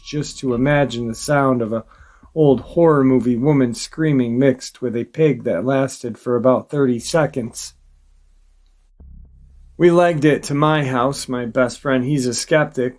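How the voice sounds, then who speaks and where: A man hosting a story channel, reading a viewer's first-person encounter account in a calm, steady way. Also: mid-range voice.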